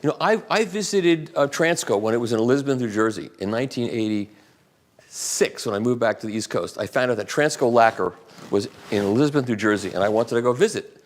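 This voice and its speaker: Rich: An older man at a live talk, medium-pitched and conversational. He answers audience questions with long, animated, rambling stories. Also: brisk. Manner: animated, rambling anecdotal storyteller.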